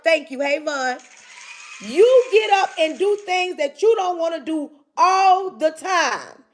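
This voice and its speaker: A woman hosting a livestream, giving an emphatic, preachy motivational talk and calling out straight to her listeners. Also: very high voice. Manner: emphatic, repetitive, calls out to listeners directly. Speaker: livestream host.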